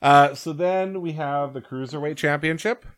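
A man's voice: a little high, normal speed, no room sound. Exasperated young podcast co-host man. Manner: exasperated, sarcastic commentary. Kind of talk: casual podcast chat.

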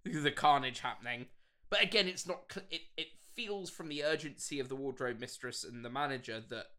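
Brief: male podcast co-host, relaxed recap storyteller, bright, forward tone, mid pitch. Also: fairly quick. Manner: easygoing, laughs often, storytelling recaps. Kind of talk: casual film discussion chat.

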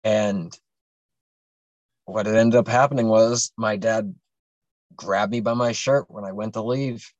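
A young man with a fairly low voice tells a long personal story in a loose, casual way. He rambles, swears freely and fills gaps with "like" and "you know". The recording is dry, with no room sound. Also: steady tone, a little slow, pauses often, darkish tone, dry recording, lo-fi sound. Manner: rambling, profane, many fillers and restarts. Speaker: podcast guest telling a personal story.

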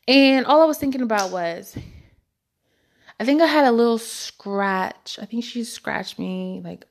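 A woman's voice: fairly high pitch, a little slow. A young woman in her twenties telling a personal story to the camera in a candid, emotional and slangy way. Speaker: vlogger.

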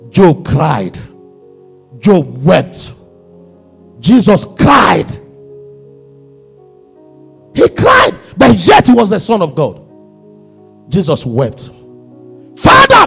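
A man preaching a sermon as pastor, swinging between shouted climaxes and hushed low passages. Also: creaky, husky.

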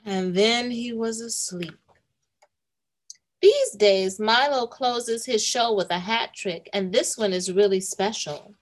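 A woman hosting a read-aloud for children, reading a picture book and asking the young listeners questions. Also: on the high side. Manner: slow, warm, questioning the listeners.

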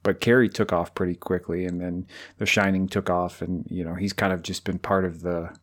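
A man's voice: sits low, level tone, fairly quick. A man co-hosting a podcast, talking casually about films in a rambling, jokey way with lots of fillers. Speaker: podcast co-host. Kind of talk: casual film discussion.

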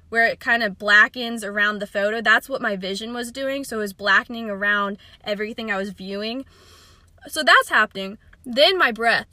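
A young woman tells her own story on a podcast, chatty and self-mocking, laughing now and then. Her voice sits high and bright, and the recording is dry and close with no room around it. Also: dry recording. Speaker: podcast host. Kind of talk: casual storytelling.

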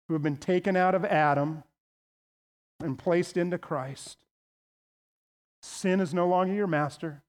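A man's voice: a little high, a little mellow. A pastor preaching a sermon with emphasis and leading his congregation in call-and-response.

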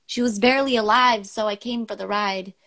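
This is a young woman co-hosting a poetry show over an online call. Her talk is casual and salted with swearing. When she reads poems aloud she is openly emotional and quick to laugh. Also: mid-range voice, fairly even intonation, a bit bright. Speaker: podcast co-host reading listener poems. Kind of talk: casual chat and poetry reading.

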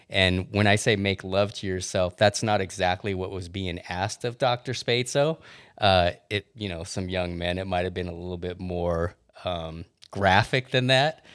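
A man's voice: low voice, a bit bright, clean tone, no echo, clean studio sound. A man hosting a podcast, telling nostalgic stories in casual chat with fillers. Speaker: podcast host.

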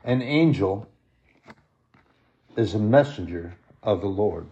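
A man preaching a sermon, impassioned and emotional, swelling loud on scripture verses and then dropping to a soft, hushed tone. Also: fairly low pitch, animated, slow, muffled recording. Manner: emotional, moved while reading.

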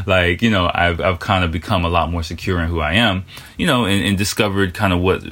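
A man's voice: low voice, a bit bright. A man talking casually on his podcast, loose and profane, full of "like" and "you know". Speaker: podcast host.

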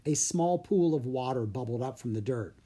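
Brief: lively storybook narrator, breathy tone. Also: mid-range voice, normal speed. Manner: expressive storytelling. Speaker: audiobook narrator. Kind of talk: children's book narration.

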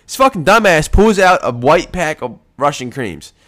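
A man's voice: fairly high pitch, very animated, normal speed, fairly bright tone. Congested man, rambling and profane. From United States. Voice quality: rambling, profane, laid-back delivery. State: congested from post-nasal drip. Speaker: podcast host. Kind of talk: casual solo podcast chat. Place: at home.

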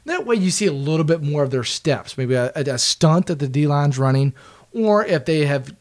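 Man with a higher voice, casual and profane storyteller, laughs often. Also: lively intonation, moderate pace. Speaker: guest, former team video staffer.

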